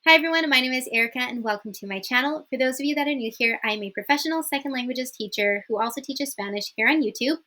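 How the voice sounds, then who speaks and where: Bright-voiced upbeat woman teaching languages. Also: sits high, quick pace, few pauses. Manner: upbeat, chatty, apologetic about mixing accents. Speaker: Spanish teacher. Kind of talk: online language lesson.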